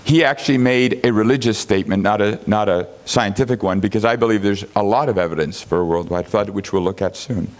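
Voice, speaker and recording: A man giving an animated teaching talk to a congregation, firing off rhetorical questions, chuckling at his own asides and acting out the people he quotes. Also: lowish voice, brisk, few pauses. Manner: acts out quoted people in raised voices. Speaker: Bible teacher.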